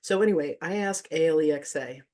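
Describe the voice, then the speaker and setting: Hosting an online spiritual gathering, this effusive speaker tells a story loosely and conversationally in a medium-pitched, middle-register voice that's a little fast and a little mellow. There's plenty of gushing, frequent chuckling, and the occasional casual swear word.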